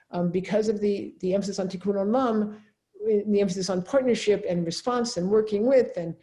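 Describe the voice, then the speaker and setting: A middle-aged woman gives an academic seminar lecture in a mellow, warm-toned voice. She talks conversationally and keeps checking in with her listeners through a questioning "right?". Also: medium pitch. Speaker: professor of religion and ethics.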